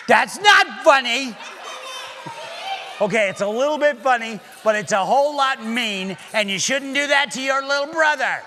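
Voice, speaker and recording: A man doing comic magic-show patter for children, playful and teasing, calling loudly out to a live audience. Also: very high voice, fairly quick, hardly any pauses, a little hiss or hum. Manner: playful, teasing, loud, calls out to the crowd. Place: synagogue sanctuary in front of a live audience.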